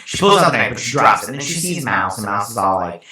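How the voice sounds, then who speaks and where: A man's voice: fairly low pitch, sing-song, quick pace, bright, forceful tone. A man hosting a casual episode review, recapping scenes in a sarcastic, exasperated ramble full of fillers. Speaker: TV show reviewer and host.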